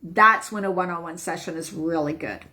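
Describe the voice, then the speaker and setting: A woman's voice: lowish voice, moderate pace, noisy background. A woman health coach talking casually to viewers on a live stream, emphatic and upbeat, often asking "right?".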